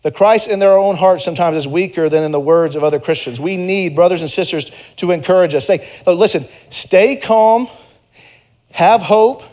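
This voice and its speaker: A man's voice: a little high, fast talker, hardly any pauses, darkish tone. A young man preaching a sermon in a church, conversational and earnest, mixing personal stories with emphatic exhortations. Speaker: pastor. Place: church sanctuary.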